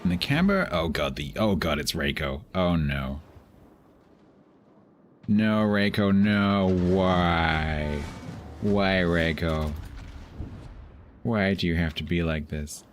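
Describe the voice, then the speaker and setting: A man commenting live on his own gameplay as a streamer, joking and complaining in animated bursts. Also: takes it slowly, a little hiss or hum. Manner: animated, self-pitying, jokey banter with squeaky outbursts. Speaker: game streamer.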